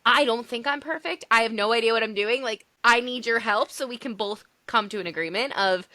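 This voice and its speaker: A woman's voice: on the high side, fairly quick, sharp tone, dry recording. A woman hosting a podcast, chatting casually and upbeat with lots of fillers. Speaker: podcast host. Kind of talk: casual chat.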